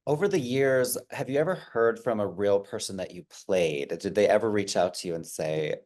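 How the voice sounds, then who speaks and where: A man hosting a casual interview, asking questions in a relaxed, conversational way with fillers. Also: lowish voice, normal speed, hardly any pauses. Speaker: interview host. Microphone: video call.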